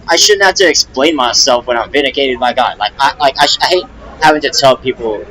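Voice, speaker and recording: A man's voice: mid-range voice, fairly quick, pushed and bright, rough recording. A young man, a rapper, venting on a casual live stream, rambling and agitated, full of restarts and swearing.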